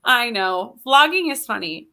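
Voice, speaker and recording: Stream co-host, woman, bright tone, giggly, quotes friends in voices. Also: a little high, sing-song, unhurried. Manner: chatty and giggly, acts out quotes. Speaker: co-host of a livestream reading sprint. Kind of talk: casual chat.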